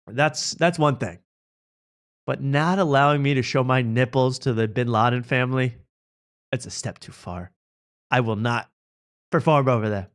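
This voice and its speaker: A man's voice: medium pitch, normal speed, smooth. A man hosting a comedy podcast, reacting to talk show clips with sarcastic jokes and frequent laughter. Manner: sarcastic, jokey, laughing often. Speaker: podcast host.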